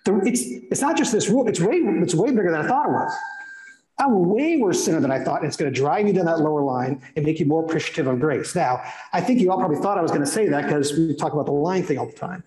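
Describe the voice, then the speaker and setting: High-voiced middle-aged man preaching in an echoey room. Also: lively intonation, fast, a little mellow. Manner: earnest, asks rhetorical questions, repeats phrases for emphasis. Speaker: pastor. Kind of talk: sermon. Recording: roomy echo of a hall.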